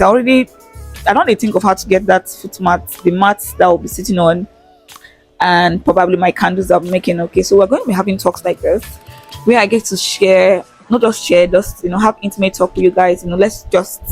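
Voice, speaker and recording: A woman's voice: mid-range voice, darkish tone, husky. A young Nigerian woman vlogging in a casual, frank, chatty way, swearing freely and laughing often, speaking into a handheld phone with a small mic. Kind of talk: casual chat to camera. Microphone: phone held in hand with small attached mic.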